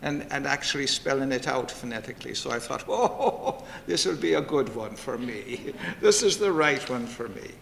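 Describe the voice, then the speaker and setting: A man's voice: lively intonation, normal speed, gravelly, hardly any pauses, a bit bright. A man from the United States who puts on an Irish accent that drifts toward American, joking about himself as he introduces his reading. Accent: put-on Irish, drifting toward American. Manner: self-deprecating, joking storyteller. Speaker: guest poet. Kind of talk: chatty introduction at a poetry reading. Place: library room with long reverb. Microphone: standing mic. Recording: reverberant hall with faint rumble.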